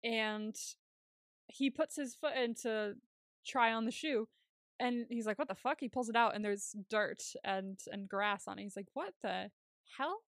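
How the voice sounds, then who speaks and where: A woman's voice: fairly high pitch, steady tone, a little slow, fairly bright tone, dry recording, studio quality. Chatty young woman laughing through a recap. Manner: chatty, laughs often, retells scenes. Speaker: podcast co-host. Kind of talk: casual recap chat.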